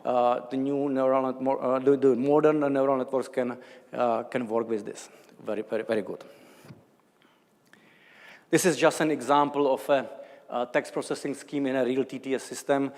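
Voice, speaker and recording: A man's voice: medium pitch, fairly even intonation, normal speed, darkish tone, big-room sound. A man from the Czech Republic with a Czech accent, giving an academic lecture in a hesitant way, with many fillers and restarts. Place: large lecture hall.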